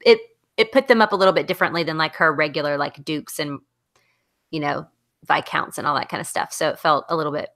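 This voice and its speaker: A Southern American woman, middle-aged, talks books casually on a podcast. Her voice sits slightly low and comes across bright and forceful. She rambles with fillers and restarts. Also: quick pace. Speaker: podcast co-host. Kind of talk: casual book discussion chat.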